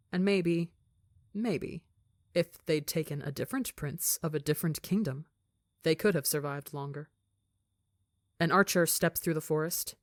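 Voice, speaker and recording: Woman, low voice, measured dramatic story reading, dry close sound. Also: no room sound. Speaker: story reader.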